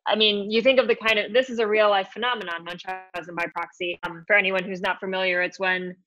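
A woman's voice: medium pitch, steady tone, quick pace, bright, forceful tone, highs cut off, soft background music. A woman author talking about her book in an interview, thoughtful and loose with fillers. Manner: thoughtful, with many fillers and restarts. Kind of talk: interview chat.

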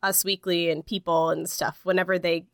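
A woman's voice: on the low side, flat delivery, normal speed, dry recording, clean studio sound. A young woman co-hosting a podcast in casual chat, rambling with lots of fillers and laughing easily. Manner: rambling, heavy use of "like", frequent laughs. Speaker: podcast co-host.

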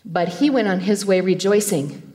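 A woman preaching a sermon, retelling a scripture story with animated storytelling and playful asides. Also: mid-range voice, normal speed. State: choked up with emotion.

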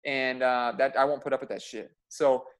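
A young man talking in a casual podcast chat, blunt and high-energy. He swears freely and speaks in an intense rush about his medical practice. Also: fairly even intonation, normal speed.

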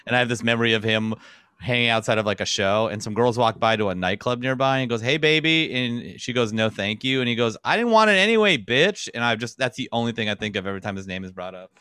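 A young man co-hosting a comedy podcast, playful and quick to laugh, trading deadpan jokes. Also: on the low side, clean tone, no echo. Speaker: podcast co-host. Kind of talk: casual comedic chat.

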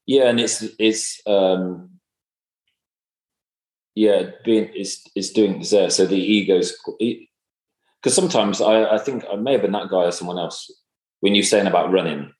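A man in casual conversation, speaking in a halting, reflective way with many fillers and restarts. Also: low voice, a little mellow. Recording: echoey room.

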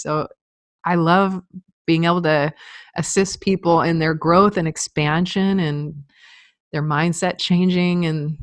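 A woman's voice: lowish voice, no room sound, clean studio sound. A middle-aged woman telling a personal story as an interview guest, candid and earnest, with frequent filler words.

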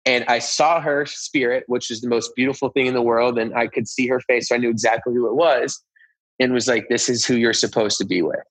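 A man's voice: medium pitch, steady tone, fairly quick, a bit bright, husky, no echo, rough recording. A man earnestly recounting a personal experience in casual storytelling, acting out conversations as he goes. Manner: earnest, reenacts conversations with "I was like". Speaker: guest telling a personal story.

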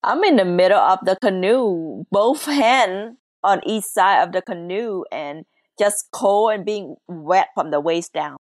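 A woman's voice: medium pitch, animated, measured pace, no room sound, studio quality. A woman from Laos, earnestly telling her family's story as a podcast guest, her English grammar loose. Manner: earnest, emotional, non-native English grammar. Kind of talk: personal storytelling in an interview.

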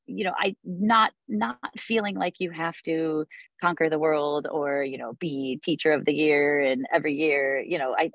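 Chatty woman music teacher, low voice. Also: no echo. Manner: chatty, many fillers and restarts. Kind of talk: podcast interview.

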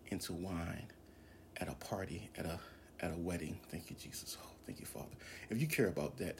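Deep-voiced man praying fervently. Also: slight background noise. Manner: impassioned, drops into whispers, repeats phrases. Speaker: preacher. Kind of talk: fervent spoken prayer and exhortation.

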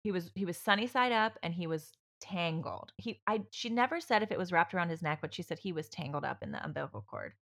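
A woman's voice: lowish voice, expressive, fast, gravelly, few pauses, a bit bright. A woman on a podcast, telling her own story in casual chat, rambling and candid, with many fillers and restarts and some swearing. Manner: swears freely.

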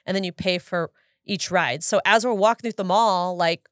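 A woman in her thirties co-hosts a relaxed podcast chat, telling stories and playing out her own lines as she goes. Her voice sits on the low side for a woman, and it is recorded dry and close with no room sound. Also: moderate pace, dry recording. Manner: chatty storyteller, quotes herself, laughs often. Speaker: podcast co-host. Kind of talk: casual chat.

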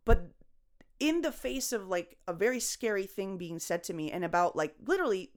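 A young adult woman, a comedian, talking casually on a podcast in a rambling, expressive way, swearing and laughing often. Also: medium pitch, moderate pace. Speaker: guest comedian.

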